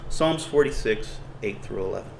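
Gravelly-voiced man preaching a sermon. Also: lowish voice, animated, moderate pace, a little hiss or hum, low-quality recording. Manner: earnest preaching with rising emphasis on scripture.

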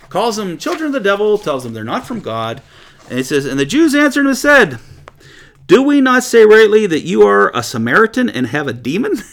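A man leading an informal Bible study, reading scripture aloud and explaining it in a lively, conversational way with frequent laughs. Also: mid-range voice. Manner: animated, laughs often, paraphrases scripture conversationally. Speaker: Bible teacher.

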